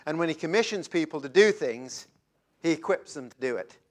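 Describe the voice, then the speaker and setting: A man preaching a sermon in a dramatic way, swinging between loud emphasis and hushed, drawn-out phrases. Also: fairly high pitch, lively intonation.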